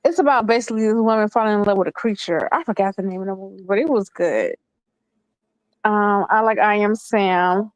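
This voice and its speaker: A woman's voice: medium pitch, a little fast, no echo, poor audio. A woman in her thirties chatting casually as a call-in panelist, rambling with lots of fillers. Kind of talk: casual chat.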